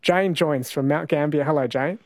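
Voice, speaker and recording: A man's voice: on the high side, moderate pace, no echo. A man hosting a casual talkback radio show, chatty and playful, taking calls and reading texts. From New Zealand. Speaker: radio host.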